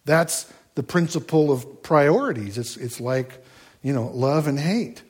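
A man's voice: a little high, animated, a little slow, a little mellow, breathy edge. A man preaching a sermon in a conversational, folksy way, with asides and rhetorical questions. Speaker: pastor.

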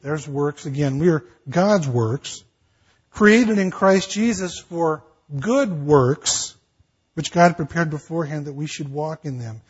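A man's voice: on the high side, slightly rough, lo-fi sound. A man preaching a sermon as pastor, acting out a dialogue between God and Paul with emphatic build-ups.

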